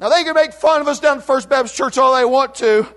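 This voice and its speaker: A man preaching an impassioned revival sermon in church, shouting some lines and dropping to a hush on others, calling the congregation to answer back. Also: very high-pitched, fast. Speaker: pastor. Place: church sanctuary.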